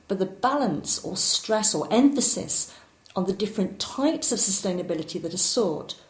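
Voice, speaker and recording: A woman giving a recorded course lecture, explaining ideas clearly and at times poking fun at herself. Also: mid-range voice. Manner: clear, explanatory, occasionally self-deprecating. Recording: roomy echo.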